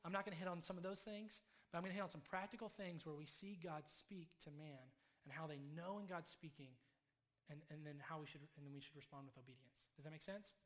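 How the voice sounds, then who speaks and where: A man preaching a sermon to a congregation, telling a personal story in a lively, animated way. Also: on the high side, fast talker. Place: room with a live congregation.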